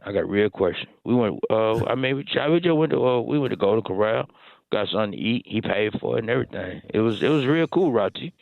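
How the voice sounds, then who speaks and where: Caller, man in his 30s, gravelly voice, halting delivery, tinny phone line, dry. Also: mid-range voice, expressive, dry recording. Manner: hesitant, stumbling storyteller.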